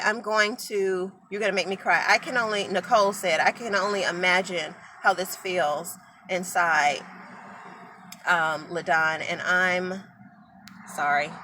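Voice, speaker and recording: A woman's voice: fairly low pitch, bright, forceful tone, slight background noise. Emotional woman rambling on a live stream. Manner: rambling, emotional, talks straight to viewers. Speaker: natural hair vlogger. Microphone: phone.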